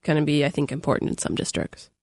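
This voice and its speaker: A woman's voice: sits low, quick pace, a little mellow, no echo. Woman panelist on a podcast, dry and close. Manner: hedges with "I think", restarts often. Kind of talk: casual chat. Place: studio. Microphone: studio mic.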